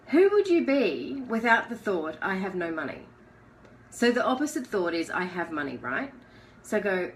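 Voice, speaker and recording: A woman's voice: mid-range voice, slight background noise, low-quality recording. A woman giving a casual live coaching talk in a chatty, conversational way, asking the listener questions. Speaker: life coach.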